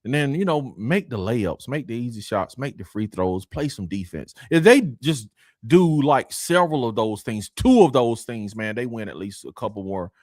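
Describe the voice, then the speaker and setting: A man hosting a casual sports talk show, animated and teasing, often asking "you know what I'm saying.". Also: mid-range voice, moderate pace, no room sound, clean studio sound. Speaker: podcast host.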